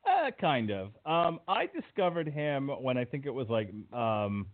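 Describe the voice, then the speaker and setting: A man's voice: medium pitch, very animated, measured pace. A man hosting a casual podcast chat, joking and laughing often between remarks. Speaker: podcast host. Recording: tinny phone-like audio.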